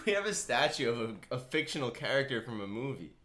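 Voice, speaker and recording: A man's voice: medium pitch, very animated, a little fast, few pauses, background noise. A young adult man co-hosting a sports betting show, teasing his partner with dry banter in casual chat. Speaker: sports betting podcast co-host.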